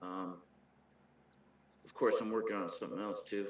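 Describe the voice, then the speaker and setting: A man's voice: lowish voice, fairly even intonation, normal speed. Dude plugging his rap tracks on a podcast, swears a lot, laughs, sounds echoey and kinda muffled. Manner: laughing, profane, self-promoting. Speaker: rapper guest. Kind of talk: casual podcast chat.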